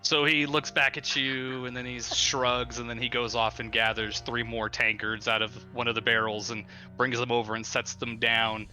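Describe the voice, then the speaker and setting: A man's voice: mid-range voice, flat delivery, moderate pace, few pauses, bright, forceful tone, soft background music. A man narrating as game master of a tabletop game in a casual, filler-heavy way.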